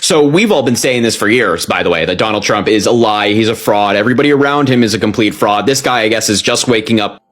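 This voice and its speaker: A man hosting a casual political commentary show, speaking to viewers in a relaxed, wry way. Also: on the low side, fast, few pauses. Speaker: host.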